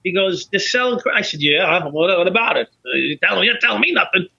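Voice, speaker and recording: A middle-aged man tells a story as a podcast guest, animated and profane, acting out both sides of the dialogue. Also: sits high, brisk, creaky, slightly rough. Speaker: podcast guest, former police officer. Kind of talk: casual storytelling in conversation. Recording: dull lo-fi podcast audio.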